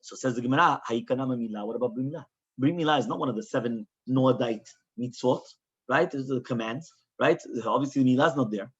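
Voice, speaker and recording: A man's voice: medium pitch, fast, breathy edge, highs cut off. A man teaching a Talmud class as a rabbi, explaining the text with lots of rhetorical questions and quoted Hebrew and Aramaic.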